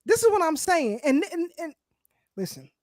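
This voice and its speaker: A woman co-hosting a casual political talk show, speaking in an animated, emphatic way. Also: very high-pitched, moderate pace, no room sound. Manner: animated, emphatic, speaks of herself as party founder. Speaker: show co-host.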